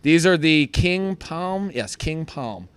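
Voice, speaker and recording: Excitable, laughing livestream host. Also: male voice, fairly high pitch, takes it slowly, clear, resonant tone, no room sound. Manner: excitable, laughing, jumps between loud and mumbled asides. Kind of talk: rowdy casual livestream chat.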